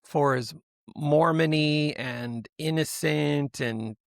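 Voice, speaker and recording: A man's voice: on the high side, slow, gravelly, no room sound, clean studio sound. A man hosting a casual podcast, reading news stories aloud in a rambling, self-interrupting way. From United States. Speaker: podcast host.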